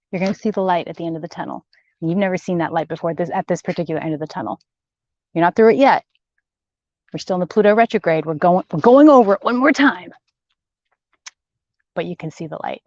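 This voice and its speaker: A woman's voice: fairly low pitch, no echo. A woman hosting a live spiritual broadcast, talking emphatically, repeating words and reading out viewer comments. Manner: chatty, warm-hearted, reads viewer comments aloud. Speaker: spiritual channeler and host. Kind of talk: live-streamed spiritual message. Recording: dull lo-fi stream audio.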